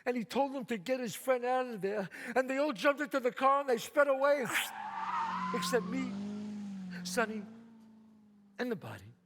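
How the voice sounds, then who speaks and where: This solo performer from the Bronx has a very high voice with big pitch swings, speaking at normal speed with long pauses as he theatrically spins a streetwise tale. Stage reverb fills the hall, and there's background noise.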